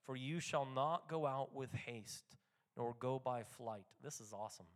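A man preaching a sermon who reads scripture aloud and explains it in casual talk, going from quiet reading to loud, excited proclaiming. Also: mid-range voice, measured pace.

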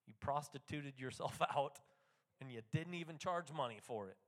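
A man preaching a sermon who reads scripture aloud and explains it in casual talk, going from quiet reading to loud, excited proclaiming. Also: mid-range voice, moderate pace.

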